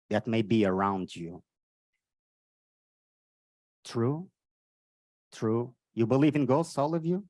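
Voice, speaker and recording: Animated Portuguese-accented stand-up comedian. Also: male voice, dry recording. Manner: animated, jumps between high exclamations and low asides. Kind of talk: stand-up comedy set with crowd work. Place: live comedy venue.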